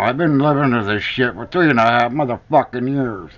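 On a dull lo-fi recording, a vlogger with a medium-pitched voice speaks a little fast as he rants angrily and profanely to the camera. He keeps hammering on repeated accusations.

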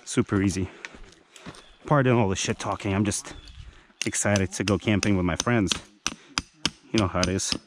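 A man's voice: fairly low pitch, steady tone, normal speed, pauses often, background noise. A man hosting a casual camping vlog in a forest, teasing his friends and talking in a rambling, joking way. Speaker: vlogger. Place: outdoors in a forest campsite.

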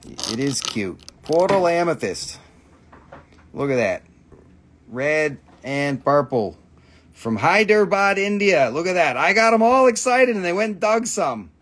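A man's voice: a little high, sing-song, measured pace, a bit bright, a little hiss or hum. A middle-aged man with an Appalachian accent hosts a casual live sales stream, talking loosely about his stones, swearing freely and reading out prices and buyer numbers. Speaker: live-stream crystal seller.

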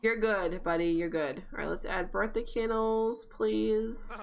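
A woman's voice: mid-range voice, steady tone, unhurried, gravelly. A woman streaming a life-sim game, talking casually and exclaiming and laughing often at what happens on screen. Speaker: gaming streamer. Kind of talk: casual live-stream commentary.

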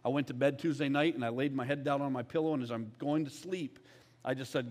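A man's voice: medium pitch, steady tone, quick pace, darkish tone. A man, an executive pastor, preaching a conversational, candid sermon in church and often checking in with the crowd. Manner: conversational, candid, often asks "all right?".

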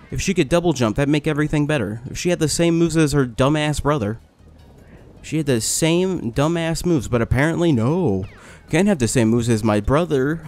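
A man giving casual let's-play commentary, complaining, swearing and getting excited as he plays. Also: on the high side. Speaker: gaming video host.

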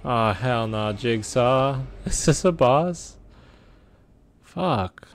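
A man's voice: medium pitch, lively intonation, extremely slow, slight background noise. A young man streaming a game, reacting with profane jokes and sudden yelps. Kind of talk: gameplay commentary.

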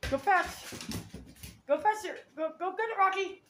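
A woman's voice: very high voice, normal speed, reverberant, slight background noise. A woman filming her dogs at home, coaxing and scolding them between commands. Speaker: dog owner filming her pets. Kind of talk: casual home vlog narration. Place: home, near a kitchen.

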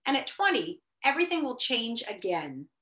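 A woman's voice: on the high side, very animated, moderate pace, bright, forceful tone. A woman voicing an odd, breezy boy who muses in a matter-of-fact way, in a roomy echo. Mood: musing.

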